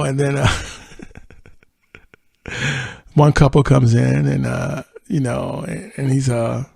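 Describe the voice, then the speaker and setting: Gravelly-voiced man recapping a show. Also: mid-range voice, darkish tone, no echo. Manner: rambling retelling with fillers and laughs. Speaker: podcast host. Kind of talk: casual episode recap.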